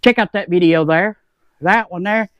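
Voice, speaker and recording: At normal speed and in a smooth, high voice, the host of a motorcycle vlog rambles casually, mouth full, while eating in his home shed. The audio is poor, with no room sound.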